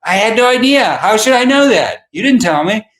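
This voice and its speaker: A man doing an excitable older actor. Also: brisk, echoey room. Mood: eager. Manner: high, eager, wondering tone. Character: chatty older male actor, eager and excitable.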